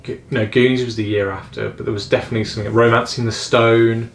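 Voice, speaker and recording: A man's voice: medium pitch, flat delivery, fast, a little hiss or hum. A young man co-hosting a casual film chat, rambling and laughing often. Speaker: podcast co-host. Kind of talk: casual chat about films. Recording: echoey room.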